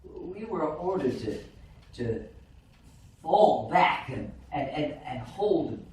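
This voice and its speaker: An actor on stage playing an aging war veteran grandfather who tells his story haltingly, stumbling and repeating words. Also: fairly high pitch, big pitch swings, a little mellow. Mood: reminiscing. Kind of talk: live stage monologue. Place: small theater stage. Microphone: far room camera. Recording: echoey theater from far off, faint hiss.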